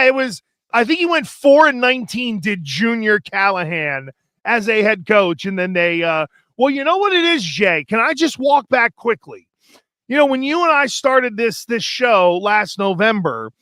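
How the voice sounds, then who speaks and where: With a high, ringing, bright voice, a man co-hosting a sports talk show tells lively stories in casual sports chat. His rapid delivery runs on, stacking thought upon thought, and the close, dry studio sound carries no echo.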